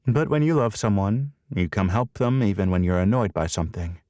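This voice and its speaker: A man voicing a witty, teasing young woman in an audiobook, quick and wry. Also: lowish voice, expressive, dark tone, dry recording, studio quality, natural voice.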